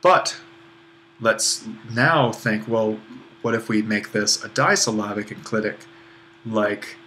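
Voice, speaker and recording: A man's voice: fairly low pitch, slow pace, pushed and bright, a little hiss or hum. A man teaching a recorded online lesson on Greek accents, explaining step by step in an easygoing way, with fillers and self-deprecating asides. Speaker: Greek language instructor.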